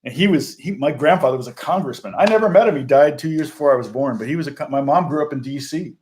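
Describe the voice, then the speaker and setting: Middle-aged male guitar host, fairly high voice, rambling, laughs a lot. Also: fast talker, darkish tone. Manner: rambling and chatty, laughs often. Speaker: guitar teacher and channel host. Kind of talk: casual livestream chat.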